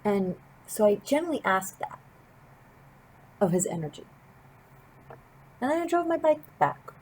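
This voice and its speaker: A woman's voice: mid-range voice, very animated, a little slow, a little mellow, slightly rough, poor audio. A woman tarot reader and martial artist telling a personal story to her viewers in an earnest, reflective, wandering way. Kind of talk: casual storytelling to camera.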